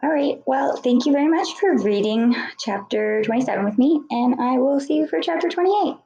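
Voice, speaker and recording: Teacher reading a chapter aloud. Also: female voice, sits high, lively intonation, brisk, vocal fry, mellow, echoey room, dull audio. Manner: explains words with fillers, self-corrects slips.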